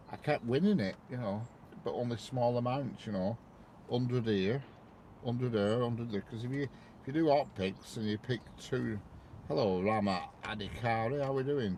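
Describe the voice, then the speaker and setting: A man's voice: mid-range voice, a little mellow, slight background noise. A man, rambling casually to viewers on a train-spotting live stream and greeting them by name.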